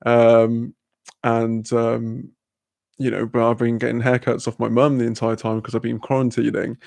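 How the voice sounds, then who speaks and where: Gravelly laid-back man. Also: mid-range voice, completely flat delivery, moderate pace, a little mellow, no echo. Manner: laid-back, laughs often, swears casually. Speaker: livestream host. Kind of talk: casual chat reading out viewer comments.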